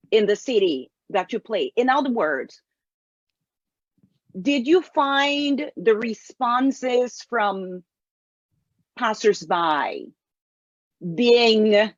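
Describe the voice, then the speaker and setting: Slow, careful woman host. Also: on the high side, no room sound. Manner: careful, deliberate questioning. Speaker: interview host. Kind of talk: interview questions. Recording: dull lo-fi recording.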